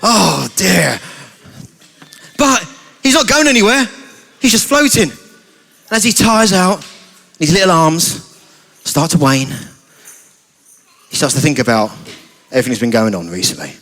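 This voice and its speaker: A man's voice: fairly high pitch, lively intonation, normal speed, long pauses, fairly bright tone. A man telling a playful story to children during a family church service.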